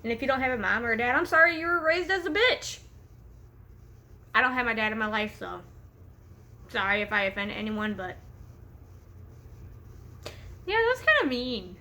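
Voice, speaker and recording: A woman's voice: a little high, very animated, a little fast, long pauses, sharp tone. Giggly, cussing young woman vlogger. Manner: giggly, rambling, profane, easily distracted. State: caffeine-hyper. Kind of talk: casual storytime vlog. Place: home room with a pet bird.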